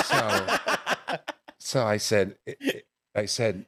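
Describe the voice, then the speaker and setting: A man's voice: lowish voice, unhurried, vocal fry, long pauses. A middle-aged male comedian chatting in an interview, telling family stories with lots of fillers and bursts of laughter. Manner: animated storyteller who acts out family voices. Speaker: guest comedian. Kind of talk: casual storytelling interview.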